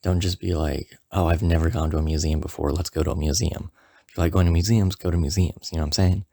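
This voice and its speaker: Low gravelly man telling a funny story. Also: fairly even intonation, quick pace, mellow, no echo, clean studio sound. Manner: rambling, full of "you know" and "like"; acts out the friend's lines in a higher voice. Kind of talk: casual comedic storytelling.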